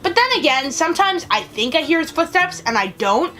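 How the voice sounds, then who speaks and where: A woman's voice: sits high, sing-song, a little fast, bright, forceful tone. A woman hosting her own channel, chatting casually and telling stories while answering viewer questions. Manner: chatty, storytelling, frequent "like" fillers. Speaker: vlogger host.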